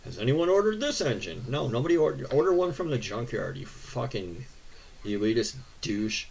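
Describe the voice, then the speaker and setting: A man's voice: mid-range voice, big pitch swings, moderate pace, gravelly, darkish tone, husky. A young American man hosting a car channel, ranting sarcastically and swearing as he reads viewer questions. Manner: profane, sarcastic, exasperated ranting. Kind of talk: ranting reaction to viewer posts.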